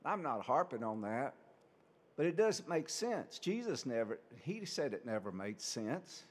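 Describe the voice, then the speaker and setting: A man's voice: mid-range voice, very animated, measured pace, in a large hall. A man, a priest, giving a conversational sermon full of rhetorical questions.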